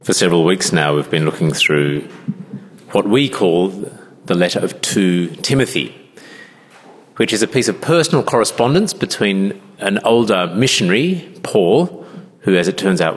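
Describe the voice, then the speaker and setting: A man preaching a sermon as pastor, earnest and explaining calmly. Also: mid-range voice. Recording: long hall reverb.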